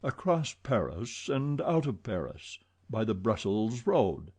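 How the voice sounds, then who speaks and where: A man's voice: fairly low pitch, very animated, slow, darkish tone, husky, exaggerated voice. A man playing a pompous police commissary. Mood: brisk. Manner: pompous, lecturing. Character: self-satisfied police commissary, brisk and pompous.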